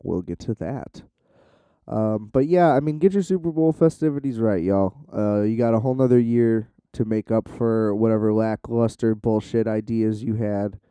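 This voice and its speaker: A man's voice: on the low side, normal speed, dark tone, clean tone, no room sound. A young man rambling casually to the camera in a loose, profane way, with lots of "like" and restarts. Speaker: vlogger.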